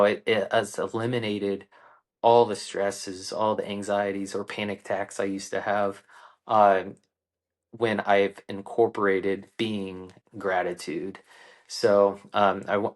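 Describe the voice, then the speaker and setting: A man in his forties speaks as a podcast guest, his voice sitting a little low. He tells a personal story in an earnest, unhurried way and often circles back with ums and restarts. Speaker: guest, coach. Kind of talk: reflective conversational storytelling.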